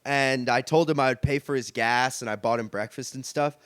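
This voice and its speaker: A man co-hosting a comedy podcast over a remote call, sarcastic and animated, telling stories with mock anger. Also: mid-range voice, brisk, clear, resonant tone, no room sound, studio quality. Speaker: podcast co-host. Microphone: remote call mic.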